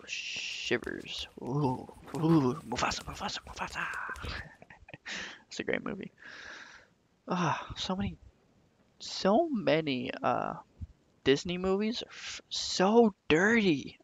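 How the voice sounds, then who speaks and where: A man's voice: on the high side, big pitch swings, takes it slowly, creaky, long pauses, pushed and bright, husky. A man giving goofy, rambling commentary over a game he is playing, full of jokey asides. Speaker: let's play gamer. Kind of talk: casual gameplay commentary. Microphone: desktop microphone.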